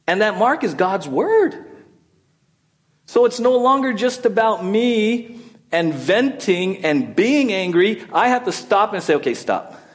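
A man's voice: sits high, expressive, slow pace. A middle-aged man preaching a sermon as pastor, in a conversational way, often checking in with "right?".

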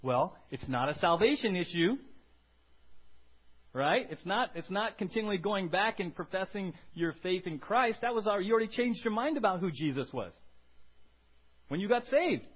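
A male pastor preaching a sermon, animated, swinging between loud emphasis and quiet low asides. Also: normal speed, slightly rough, dull audio.

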